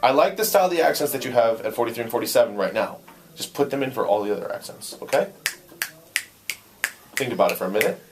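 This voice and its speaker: A young man with a slightly hoarse voice, coaching a trumpet section in rehearsal. He sings the rhythms to demonstrate and counts the players in. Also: mid-range voice, animated, fast, long pauses, over music. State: voice going hoarse. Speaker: ensemble conductor. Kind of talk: rehearsal instruction. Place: band rehearsal room. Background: trumpets playing.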